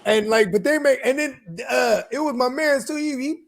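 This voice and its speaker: A man co-hosting a podcast, talking in a casual, slangy, animated way and laughing often as he tells stories. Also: extremely high pitch, moderate pace, creaky. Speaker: podcast co-host. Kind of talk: casual chat.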